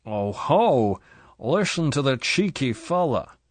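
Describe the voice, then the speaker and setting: A man voicing a drunk, crude tycoon who sneers and slurs his bullying words slowly. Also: mid-range voice, big pitch swings, no echo, voice pushed up. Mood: menacing drunk. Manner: sneering, slurred, deliberate.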